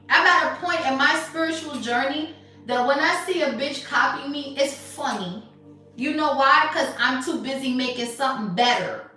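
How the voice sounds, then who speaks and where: A woman's voice: sits high, pushed and bright, distant mic. A woman giving a spiritual tarot reading, blunt, sassy and emphatic, often swearing. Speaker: tarot reader. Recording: very echoey room, off mic, faint music.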